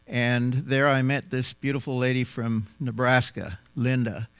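A man with an American accent, raised in South Africa, giving a folksy, unhurried mission talk to a church congregation with frequent pauses. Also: medium pitch, fairly even intonation, a bit bright, clear, resonant tone, no room sound. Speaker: missionary guest speaker.

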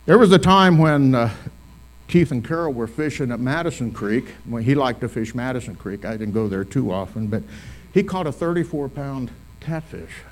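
Male pastor, folksy eulogy storyteller, mid-pitched, repeats lines for weight. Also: expressive, normal speed, low-quality recording. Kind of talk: funeral eulogy. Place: full funeral service hall.

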